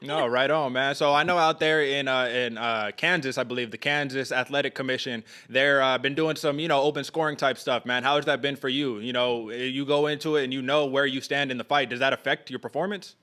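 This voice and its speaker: A quick-talking man from California hosts a casual interview, his voice bright and forward. He chats in laid-back slang, filling gaps with "you know" and "man.". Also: mid-range voice, fairly even intonation. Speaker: podcast host.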